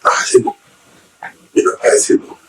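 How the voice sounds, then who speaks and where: A middle-aged Nigerian man with a Nigerian accent, telling his life story as an interview guest, animated and acting out the voices of people he quotes. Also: fairly quick, recorded from a distance, poor audio. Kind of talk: casual storytelling.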